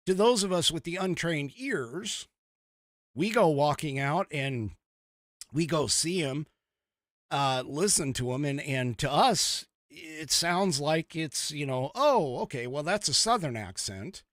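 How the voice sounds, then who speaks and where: A man hosting a podcast, talking in a rambling, animated way with frequent chuckles as he gives casual political commentary. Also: on the high side, takes it slowly, no room sound, studio quality. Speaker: podcast host.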